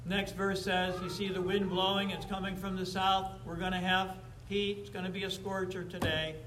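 A man preaching a sermon to his congregation, emphatic, with slow drawn-out stresses and casual asides to the room. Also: high-pitched, level tone, a bit bright, slight background noise. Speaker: pastor. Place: church sanctuary before a congregation. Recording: roomy echoey church sound.

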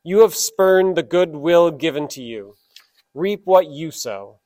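A man's voice: fairly high pitch, animated, slow, warm tone, no echo. A man voicing a mighty, righteous male turtle from a fable, speaking in solemn, stern pronouncements. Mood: wrathful.

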